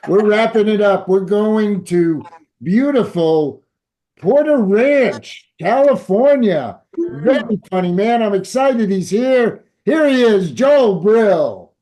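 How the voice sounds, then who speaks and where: Older man, comedy show host, slow talker, mellow tone, upbeat intros. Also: sits high, lively intonation, poor audio.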